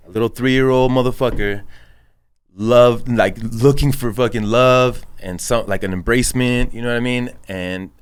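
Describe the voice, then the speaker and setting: A man's voice: mid-range voice, fairly even intonation, normal speed, clean tone. A man from El Paso, a barber and business owner, talking as a guest in a casual podcast chat. He tells his story earnestly, swears a lot and fills gaps with "you know what I mean". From El Paso, Texas. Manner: earnest, heavy swearing, many fillers.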